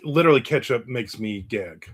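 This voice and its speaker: A man's voice: mid-range voice, lively intonation, moderate pace, slightly rough. A middle-aged man from New Jersey hosting a livestream, chatting casually and reading out viewer comments in a blunt, rambling, joking way. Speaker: livestream host.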